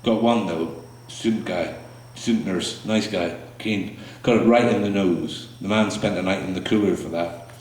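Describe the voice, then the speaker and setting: A man with a low voice reads his spoken word poetry to a small audience. His delivery is slow and halting between pieces, full of small fillers and restarts. He sits some way from the mic, and the small room rings with a strong echo. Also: darkish tone. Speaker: poet performing his work. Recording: echoey room, mic far off.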